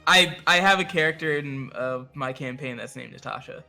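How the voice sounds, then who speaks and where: A man's voice: medium pitch, moderate pace, gravelly, sharp tone, soft background music. A man playing a tabletop game in easygoing chat, often hesitating and trailing off. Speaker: player.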